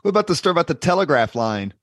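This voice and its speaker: A man's voice: on the high side, sing-song, rapid-fire, a bit bright, no room sound, studio quality. A man in his fifties hosting a podcast interview, asking questions and adding personal asides. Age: 50s. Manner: conversational questioner who adds personal asides. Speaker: podcast host.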